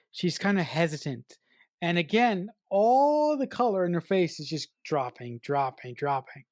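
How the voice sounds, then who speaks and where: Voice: mid-range voice, dry recording, clean studio sound. A podcast co-host in casual film review chat, enthusiastically analysing a director's choices with emphatic praise.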